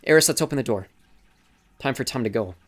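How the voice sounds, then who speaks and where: A man reading an audiobook who voices a calm, scheming teenage girl, speaking evenly and coolly. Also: medium pitch, fast talker, close to an everyday voice. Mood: curt. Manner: calm, cool and condescending.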